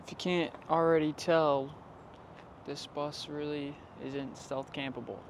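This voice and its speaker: A man from the US East Coast vlogging casually outdoors, telling his story emphatically with sudden louder bursts. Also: a little high, little pitch movement, a little slow, background noise. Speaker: vlogger living in a bus. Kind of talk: casual vlog to camera. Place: outdoors in a city street.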